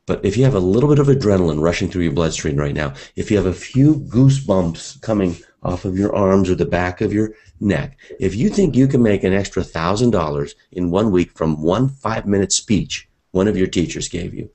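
A man with a very low voice leads a live seminar in front of a room of students. He talks with energy and speaks directly to his listeners, in a loose, conversational way. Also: animated, a little fast, few pauses, dark tone. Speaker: seminar teacher.

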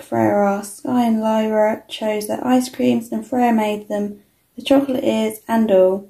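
A woman reading a children's storybook aloud in a steady read-aloud manner. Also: medium pitch, unhurried, vocal fry. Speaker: storybook reader. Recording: echoey room.

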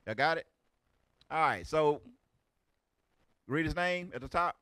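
Animated preaching man, dry close sound. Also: on the high side, unhurried, smooth, no room sound. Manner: loud, rhetorical, repeats "right?". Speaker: teacher leading a lesson. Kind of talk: street preaching lecture.

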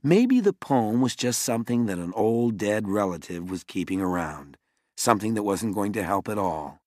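A man reading a children's novel aloud as an audiobook narrator, in an expressive way. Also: fairly low pitch, normal speed, no room sound, studio quality. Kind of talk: scripted narration.

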